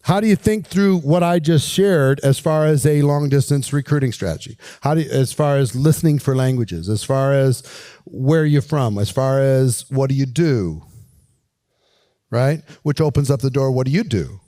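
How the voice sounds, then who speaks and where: Man, recruiting coach, energetic, direct, warm voice, dry sound. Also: medium pitch, normal speed, dry recording. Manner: energetic, direct, coaxing questions. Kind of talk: coaching talk with acted pitch demos. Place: walking around while filming.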